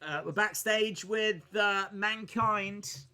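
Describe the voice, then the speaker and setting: List: man, wrestling watch-along host, live reaction commentary, joking, bursts of shouting, high bright voice. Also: takes it slowly.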